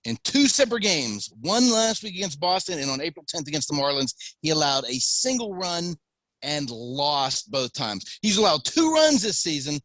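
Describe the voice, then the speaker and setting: A man's voice: on the high side, big pitch swings, moderate pace, fairly bright tone, no room sound, rough recording. A man co-hosting a sports podcast, running through stats in a matter-of-fact way. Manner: stat-heavy, matter-of-fact rundown. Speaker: podcast co-host. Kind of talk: casual sports banter.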